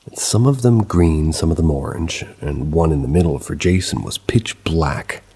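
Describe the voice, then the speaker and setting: Deep, gravelly male storyteller. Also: normal speed, mellow. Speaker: narrator of submitted paranormal stories. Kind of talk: scripted narration of a true scary story.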